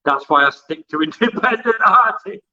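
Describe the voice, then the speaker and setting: A man's voice: high voice, animated, normal speed, bright, forceful tone, lo-fi sound. A man who interviews musicians and used to present hospital radio, telling rambling anecdotes in a casual interview and acting out the dialogue he quotes.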